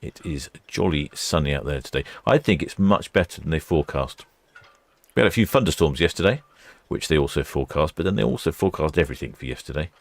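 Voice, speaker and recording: Rumbling low and gravelly, with lively intonation, this British man talks fast as he hosts a live ship-watching stream, chatting casually and reading viewer comments. He's in a warm indoor room by the quay, and there's no echo.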